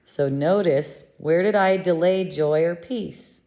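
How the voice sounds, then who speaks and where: A woman giving a gentle, meditative spiritual lesson, speaking in a soothing, unhurried way. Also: fairly low pitch. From living in Mexico. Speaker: spiritual teacher.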